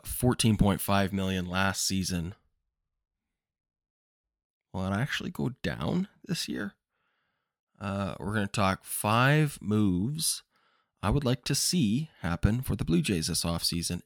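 A man's voice: sits low, no room sound, clean studio sound. A man hosting a baseball podcast, giving casual opinionated commentary and thinking aloud with frequent ums. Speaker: podcast host.

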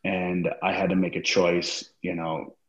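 A deep-voiced man, appearing as a guest on a podcast, tells a long story casually, with profanity, rambling and many fillers. He keeps a level tone and a measured pace, and the recording sounds roomy and slightly dull.

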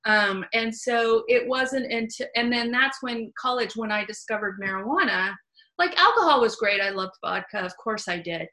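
Bright-voiced woman hosting a candid chat. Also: fairly high pitch, moderate pace, rough recording. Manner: animated, candid, salty storytelling. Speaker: host. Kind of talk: casual chat.

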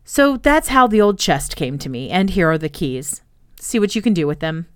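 Gentle storybook father, measured and patient, read by a woman. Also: lowish voice, animated, dry recording, studio quality, close to an everyday voice. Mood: calm. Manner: measured, explaining. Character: calm, gentle middle-aged father.

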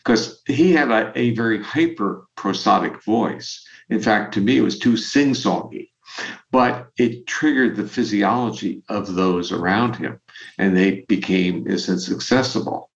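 A man, a guest on a podcast, explaining research in a measured, conversational way and chuckling now and then. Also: fairly low pitch, gravelly. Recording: dull lo-fi audio.

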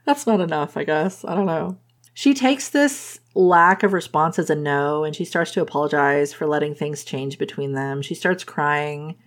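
A woman's voice: low voice, normal speed. A woman casually retelling a romance novel's plot, laughing often and playfully quoting the characters. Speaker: book reviewer recapping a romance novel.

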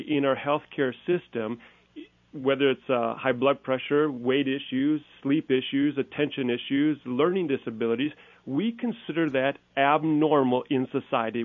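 A man's voice: mid-range voice, no echo. Folksy Minnesota man on tinny line. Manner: folksy, emphatic explainer. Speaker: guest expert. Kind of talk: talk show interview.

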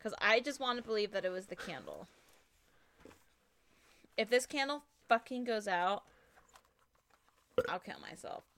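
A young woman vlogging a spooky ritual with a friend, talking casually and getting excitable and shrieky. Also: medium pitch, unhurried, pauses often. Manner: excitable, shrieks and laughs when scared.

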